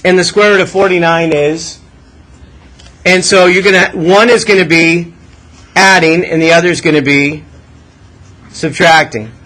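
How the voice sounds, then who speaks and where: A male math teacher talks a classroom through a lesson, prodding students with questions and asking them to think out loud. His voice sits high for a man and sounds bright. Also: steady tone, unhurried, long pauses, rough recording.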